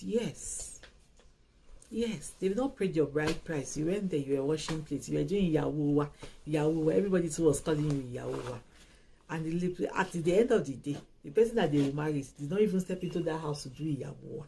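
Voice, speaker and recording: A woman giving casual advice on love, animated and emphatic, often repeating herself. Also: deep voice, moderate pace, gravelly, husky, rough recording. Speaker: host.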